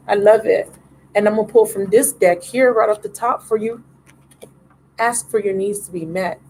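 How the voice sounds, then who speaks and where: A woman's voice: medium pitch, steady tone, a little slow, pauses often, a little mellow, slight background noise, low-quality recording. Affectionate woman tarot reader, live stream. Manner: affectionate, calls viewers baby and love.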